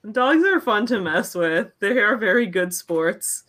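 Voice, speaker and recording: A young woman co-hosts a casual podcast with a bright, ringing tone. She chats loosely, laughing often and acting out her dog's reactions in playful voices. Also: mid-range voice, big pitch swings, unhurried. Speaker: podcast co-host. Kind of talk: casual chat.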